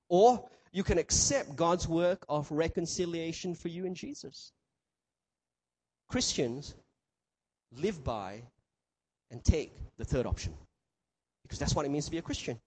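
A man preaching a sermon, animated and full of rhetorical questions, acting out quoted voices. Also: a little high, moderate pace, pauses often, slightly rough. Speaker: pastor.

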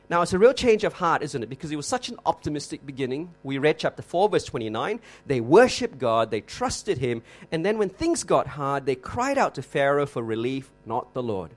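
A man preaching an expository sermon, emphatic, slowing down and repeating words for effect, with rhetorical questions. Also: on the high side, sing-song.

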